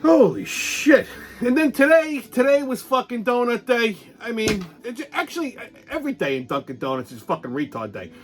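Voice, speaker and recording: A man hosting a comic, profane ranting monologue, telling stories in an animated way. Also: extremely high pitch, a little fast, hardly any pauses. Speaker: host.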